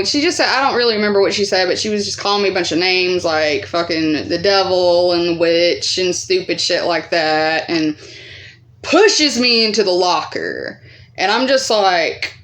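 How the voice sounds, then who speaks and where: A woman talks straight to her audience in a casual storytime vlog. She rambles and circles back, leans on fillers, and swears freely. When she quotes other people she bumps her voice up higher and louder. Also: a little fast. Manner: rambling, profane, many fillers. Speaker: vlogger.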